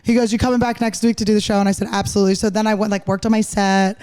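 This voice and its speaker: A woman in her thirties from Philadelphia, a comedian guest telling stories on a podcast in a quick, joking way and acting out the people she quotes. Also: mid-range voice, level tone, mellow, smooth. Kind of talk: casual podcast storytelling.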